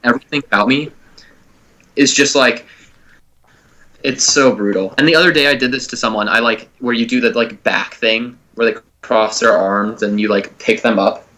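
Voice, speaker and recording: A man's voice: mid-range voice, steady tone, moderate pace, pushed and bright. A young man co-hosting a comedy podcast, telling rambling stories full of swearing and filler words. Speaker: podcast co-host. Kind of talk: casual chat.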